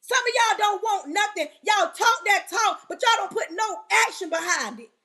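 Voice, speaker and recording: A woman with a very high voice delivers a fervent motivational talk on a live stream. She preaches at her listeners, drives the same phrase home again and again, and often breaks into a yell. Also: lively intonation, normal speed.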